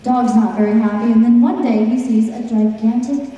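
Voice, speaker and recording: A woman's voice: a little high, little pitch movement, normal speed, dark tone. A woman telling a folk tale to an audience, breaking in with dry, joking asides. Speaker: storyteller. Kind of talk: storytelling with wry asides. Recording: echoey hall, far from the mic.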